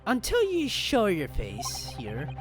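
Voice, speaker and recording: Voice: medium pitch, wildly swooping pitch, takes it slowly, music in the background. A gamer voicing a stubborn middle-aged Irish man on trial, with a put-on Irish accent and folksy phrases. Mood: pleading.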